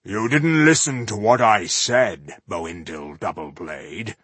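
A man voicing a calm, menacing male dwarf renegade who speaks slowly and threatens coldly. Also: on the low side, slightly rough, no echo, full character voice. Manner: slow, measured, threatening.

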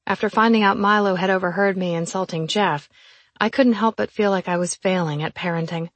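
A woman narrating a first-person novel as an audiobook, in an even, measured reading. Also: mid-range voice, no room sound.

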